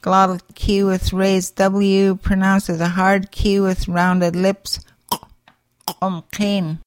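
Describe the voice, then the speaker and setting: A woman teaching a language's sounds, slowly saying each letter, its sound and an example word. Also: medium pitch, monotone, clean tone, dry recording. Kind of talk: slow pronunciation lesson.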